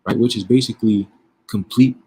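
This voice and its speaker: Man, online preacher, husky, lowish voice, streetwise, emphatic. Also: steady tone, a little fast, mellow. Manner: streetwise, emphatic, peppered with rhetorical questions. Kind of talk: casual profane religious commentary.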